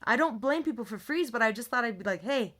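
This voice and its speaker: A woman's voice: fairly high pitch, animated, quick pace, fairly bright tone. A young woman venting to her phone camera in a rambling, heated monologue, swearing freely. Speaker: vlogger.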